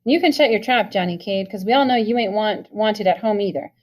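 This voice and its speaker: A woman's voice: mid-range voice, a little fast, natural voice. Woman reading teenage boy, bitter, blurting, audiobook.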